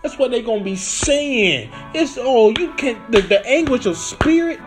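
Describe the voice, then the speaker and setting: A man preaching on scripture, reading verses slowly, then explaining them in loose street slang. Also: extremely high pitch, sing-song, music in the background. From Florida.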